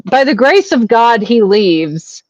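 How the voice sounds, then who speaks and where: A woman in her forties, a guest telling crude stories in animated, casual chat over a video call. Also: fairly high pitch, slow, no echo. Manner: animated, crude, laughing storyteller. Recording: dull lo-fi sound.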